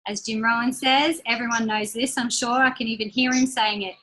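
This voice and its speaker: Upbeat woman leading a team call; high, bright voice; chatty motivator who repeats key lines slowly. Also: fairly even intonation, poor audio. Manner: chatty and personal, laughs between points. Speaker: team leader giving a training call. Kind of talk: motivational talk on a group call.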